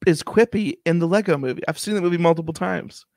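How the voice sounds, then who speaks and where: High-voiced man, dry close sound. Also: quick pace, gravelly, darkish tone, no room sound. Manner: defensive, laughing, exasperated. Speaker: co-host. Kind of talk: casual banter.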